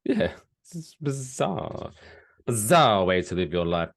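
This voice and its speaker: Deep-voiced man telling stories animatedly. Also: slow pace, creaky. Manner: animated storytelling, swooping pitch, laughs while talking. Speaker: podcast co-host. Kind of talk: casual podcast chat.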